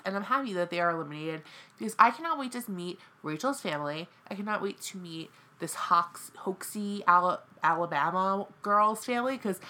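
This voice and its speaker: This is a young woman from the American South with a bright, sharp edge to her voice. She talks in an opinionated, dramatic way and keeps breaking into exaggerated high-pitched impressions of people. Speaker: co-host. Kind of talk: casual reality-TV recap chat.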